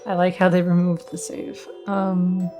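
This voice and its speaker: A woman's voice: lowish voice, fairly even intonation, slow, dark tone, faint music behind. A woman streamer reading a visual novel aloud, breaking off into giggly, flustered asides and playful reactions.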